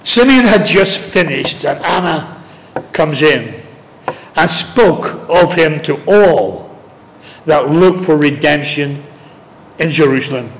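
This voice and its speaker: Slow, high-voiced male preacher in a hall. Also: animated. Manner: slow and deliberate, stressing words one at a time. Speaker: Bible teacher. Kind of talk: sermon-style Bible study. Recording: long reverb of a large hall.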